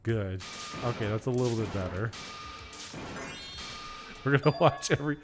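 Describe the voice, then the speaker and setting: A man's voice: mid-range voice, moderate pace, over music. Frustrated young man streaming a game. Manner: frustrated, swearing, self-mocking rants. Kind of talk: casual gaming stream commentary.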